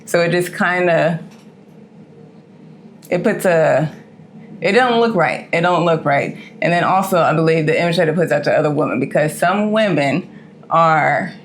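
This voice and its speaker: A woman's voice: low-pitched, slight background noise. Blunt, slangy woman co-host. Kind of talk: casual chat.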